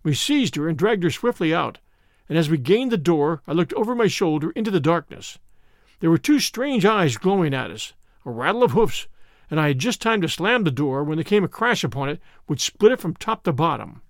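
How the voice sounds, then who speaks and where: A man narrating a classic ghost story in a vivid, expressive storytelling manner. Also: fairly high pitch, a little fast, dry recording, studio quality. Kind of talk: dramatic audiobook narration.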